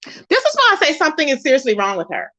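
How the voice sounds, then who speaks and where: A woman's voice: sits high, huge pitch swings, fast talker, sharp tone. A woman hosting a casual gossip commentary livestream, sassy and emphatic, often mimicking others in a raised voice. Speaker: YouTube commentary host. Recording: dull lo-fi sound.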